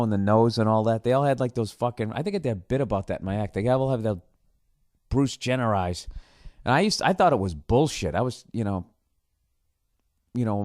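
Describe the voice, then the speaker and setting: A man's voice: lowish voice, darkish tone, no room sound, studio quality. A man hosting a podcast alone, talking casually in a rambling, sarcastic way and swearing often. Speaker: podcast host. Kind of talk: casual solo podcast monologue.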